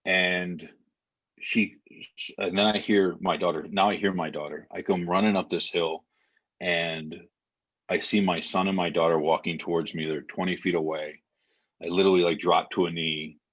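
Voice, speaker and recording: A man's voice: low-pitched, steady tone, normal speed, fairly bright tone, muffled recording. A man in his thirties, a podcast guest, telling an emotional story with lots of fillers. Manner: vivid retelling with many fillers.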